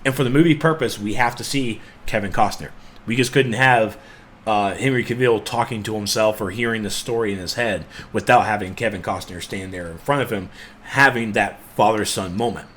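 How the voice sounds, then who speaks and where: A man co-hosting a game podcast, talking in an animated, emphatic, rambling way. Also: fairly low pitch, fairly quick, a little hiss or hum. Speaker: podcast co-host. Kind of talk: casual podcast chat.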